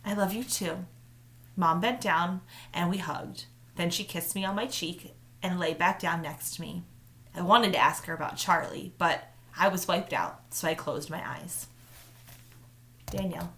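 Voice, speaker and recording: A woman's voice: fairly low pitch, a little slow. A woman teacher reading a children's novel aloud to her students in first-person narration. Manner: warm, friendly greeting, then steady narration. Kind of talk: read-aloud storytelling for students.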